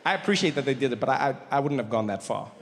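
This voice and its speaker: A man with a South African accent doing a stand-up set in a theater, animated and mocking in a conversational way. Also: medium pitch, rapid-fire, long reverb tail, slight background noise. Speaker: stand-up comedian.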